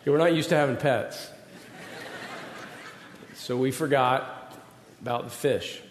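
A man's voice: medium pitch, measured pace, slight background noise. A middle-aged man preaching, telling self-deprecating personal stories in a conversational way. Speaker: pastor. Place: large hall with an audience. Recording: roomy hall with long reverb.

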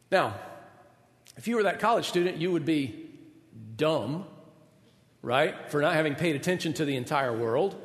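A man preaching a sermon as pastor, telling a story in an animated way and acting out the people in it. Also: a little high, big-room sound.

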